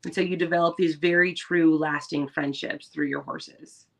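A woman's voice: deep voice, steady tone, normal speed, gravelly. A woman co-hosting a podcast, talking earnestly and encouragingly in casual chat. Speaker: podcast co-host.

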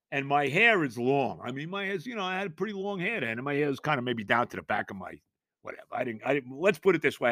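Animated older man, bright dry voice. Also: fairly high pitch, dry recording. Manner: animated, rambling, repeats himself and laughs at his own story. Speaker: podcast host. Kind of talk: casual storytelling monologue.

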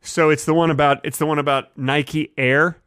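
A man co-hosting a casual comedic podcast chat, joking in a playful, deadpan way. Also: on the high side, normal speed, clean tone, no echo, studio quality. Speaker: podcast co-host.

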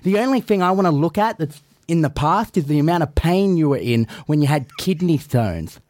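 A man's voice: on the high side, lively intonation, moderate pace, a little mellow. Boastful man teasing his co-hosts. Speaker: podcast co-host. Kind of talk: casual banter.

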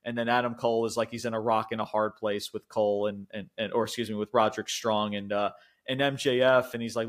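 Talking fast in a fairly low voice, a young podcast co-host recaps events in casual, rambling chat. Fillers, swearing, and lots of laughter run through his animated retelling.

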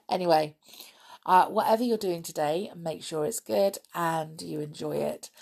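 Slow, low-voiced woman reading stories. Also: vocal fry, darkish tone, husky. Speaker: storybook reader. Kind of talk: reading a children's book aloud.

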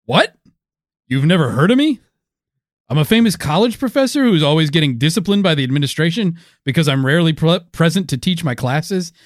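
A man's voice: a little high, expressive, fairly quick, no echo, clean studio sound, natural voice. A man voicing a boastful, roguish male archaeologist and college professor who loots antiquities, talking with brash self-promotion.

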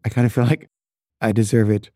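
A man's voice: fairly low pitch, level tone, brisk, dark tone, dry recording, clean studio sound. A man telling a casual, self-mocking anecdote in a chatty way. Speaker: storyteller.

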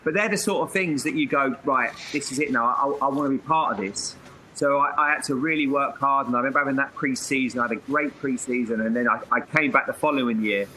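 A man's voice: medium pitch, fast, pushed and bright, a little hiss or hum. A middle-aged man, a former footballer, telling stories in an interview and often laughing as he talks. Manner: laughs through his stories. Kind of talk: anecdotal interview storytelling.

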